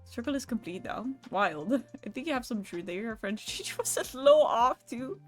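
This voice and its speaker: A woman's voice: fairly high pitch, lively intonation, normal speed, soft background music. A young adult woman streaming live, chatting casually with her viewers, swearing lightly and laughing as she goes. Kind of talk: casual livestream chat with viewers.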